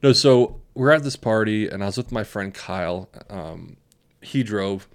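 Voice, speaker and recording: Man, low-pitched voice, podcast co-host, casual storytelling, swears a lot, acts out quotes. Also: measured pace. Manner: profane, animated anecdote teller acting out quotes.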